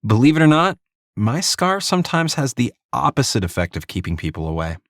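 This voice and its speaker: A man's voice: mid-range voice, very animated, a little fast, no room sound, studio quality, voice pushed up. A male narrator voicing a tough, blunt female ex-Army soldier, wry and direct.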